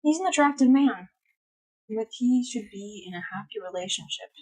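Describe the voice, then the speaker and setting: A young woman live streaming, chatting casually with her chat, blunt and swearing freely, her voice swinging from loud to hushed. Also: on the high side, lively intonation, normal speed, husky, poor audio.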